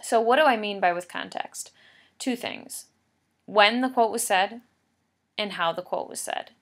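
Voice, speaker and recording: A woman teacher walks through a recorded writing lesson, explaining each step patiently and hammering home key points by repeating them. Her voice sits at a middle pitch with a gravelly fry at the edges. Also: unhurried. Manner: patient, explanatory, emphatic repetition.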